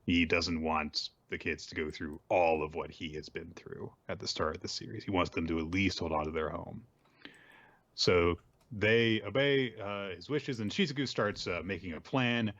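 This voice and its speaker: A man casually recapping manga chapters on a podcast, often jumping into quick voiced lines. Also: low-pitched, a bit bright, no room sound, muffled recording. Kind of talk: casual chat.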